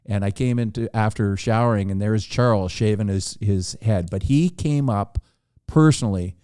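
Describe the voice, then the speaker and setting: A man's voice: lowish voice, moderate pace, dark tone, clean tone, dry recording, studio quality. A man telling a long anecdote on a podcast, acting out the dialogue with animation. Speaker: podcast guest storyteller.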